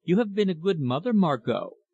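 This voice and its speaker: A man voicing a gentle village priest who speaks in a calm, consoling way. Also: sits high, a little fast, vocal fry, slightly rough, muffled recording, voice pushed up, heavily acted.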